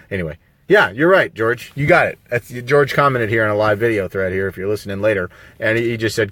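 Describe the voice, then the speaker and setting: A man's voice: medium pitch, lively intonation, brisk, a bit bright, no echo. A man talking on a live video stream, rambling and emphatic, full of rhetorical questions. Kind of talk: casual live-stream monologue. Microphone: phone on a mobile signal.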